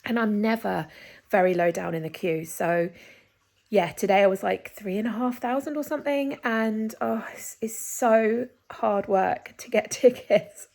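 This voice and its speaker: Thirties woman, casual vlogger, husky and breathless, chatty. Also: medium pitch, measured pace, darkish tone, rough recording. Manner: chatty, rambling, self-deprecating. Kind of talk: casual vlog chat.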